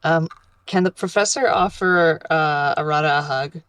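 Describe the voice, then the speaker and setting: A woman's voice: low voice, moderate pace, a bit bright, clean tone, dry recording. A woman playing a tabletop role-play, hesitantly describing what her character does. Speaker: player.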